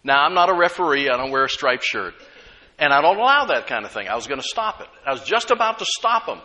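A middle-aged man, preaching a sermon as a pastor, lively and full of laughs and acted-out voices. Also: fairly high pitch, fast talker.

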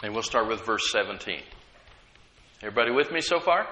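A man's voice: lowish voice, lively intonation, a little fast, sharp tone. A man preaching a sermon, emphatic, repeating key phrases and leading the congregation in call-and-response.

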